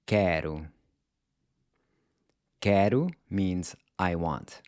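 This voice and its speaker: A man teaching a language lesson in a scripted, careful way, repeating words slowly to show how they are said. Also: fairly low pitch, lively intonation, darkish tone, no room sound, clean studio sound. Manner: slow, careful, demonstrates pronunciation by repeating words.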